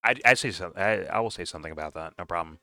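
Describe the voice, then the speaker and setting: A man hosting a casual reaction stream, pausing a clip to comment in a rambling, profane way. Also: low-pitched, sharp tone, dry recording, studio quality.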